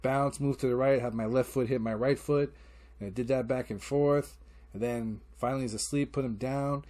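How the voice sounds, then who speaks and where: A man's voice: medium pitch, moderate pace, warm tone. Man telling rambling parenting stories. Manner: rambling storytelling, acting out quotes, frequent swearing. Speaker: podcast host. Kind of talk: casual solo podcast monologue.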